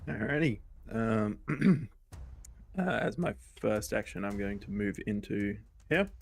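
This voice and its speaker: Low, gravelly, hesitant man. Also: animated, slow pace. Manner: hesitant, with fillers. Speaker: player. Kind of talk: casual game chat. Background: faint fantasy background music.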